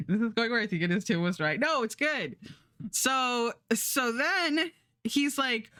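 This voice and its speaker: A woman streamer telling a story in a casual, animated way, repeating words and restarting often. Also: a little high, unhurried, no echo, studio quality.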